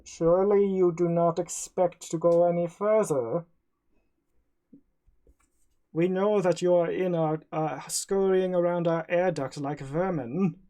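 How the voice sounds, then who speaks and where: A scheming heist villain with a stiff, mock-German accent, as a game master puts him on. He speaks slowly and deliberately, every threat drawn out and menacing. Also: high-pitched, fairly even intonation, warm tone. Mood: sneering.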